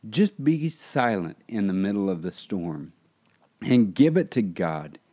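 Low, mellow-voiced preaching pastor. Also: male voice, big pitch swings, measured pace. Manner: earnest preaching, rising in fervor. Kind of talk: podcast sermon.

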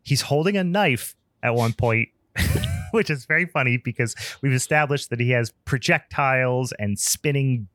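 A man's voice: mid-range voice, huge pitch swings, normal speed, a bit bright, dry recording, clean studio sound. A man co-hosting a podcast, retelling movie scenes in a casual, sarcastic way and laughing often. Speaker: podcast co-host. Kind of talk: casual film review chat.

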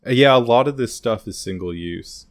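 A man co-hosting a casual podcast chat, rambling and animated, acting out quotes from behind-the-scenes stories. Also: mid-range voice, moderate pace, no room sound, studio quality. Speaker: podcast co-host. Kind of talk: casual chat about a TV show's extras.

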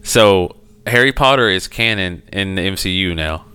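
A podcast co-host chats casually with a friend, swearing a lot and animatedly acting out the people in his stories in a raised, high voice. Otherwise he speaks smoothly at a moderate pace.

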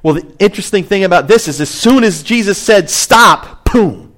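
A man preaching a sermon as pastor, animated, rising high to stress a point and dropping low on asides. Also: fast talker.

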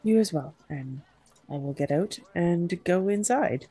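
A woman's voice: lowish voice, animated, measured pace, warm tone, breathy edge. A woman tabletop game player speaking politely and unhurriedly, in and out of character. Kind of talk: casual in-character chat.

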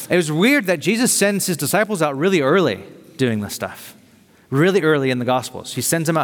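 Pastor guy preaching, chatty and lively, voice a bit high, lots of hall echo. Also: a little fast. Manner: energetic, conversational, uses casual slang. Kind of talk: sermon. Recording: long reverb of a large hall.

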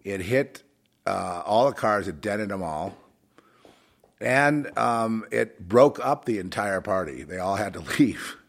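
Husky deep-voiced man preaching. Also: lively intonation, slow pace. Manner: swings from fervent shouting to quiet muttering; many restarts and fillers, conversational. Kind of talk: rambling religious monologue.

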